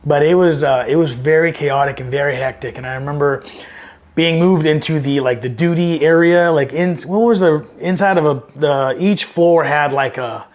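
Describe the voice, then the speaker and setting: A middle-aged man from Southern California, a Marine veteran, telling stories with a slightly higher-than-usual voice. He rambles and swears freely. His voice gets animated when he quotes other people. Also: normal speed. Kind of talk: casual storytelling interview.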